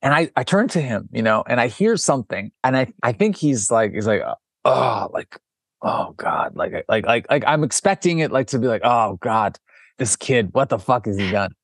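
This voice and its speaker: A man's voice: mid-range voice, brisk, no echo, studio quality. A man, a documentary director, telling a story as an interview guest and acting out the lines of the people in it. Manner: animated, acts out quoted dialogue, frequent restarts.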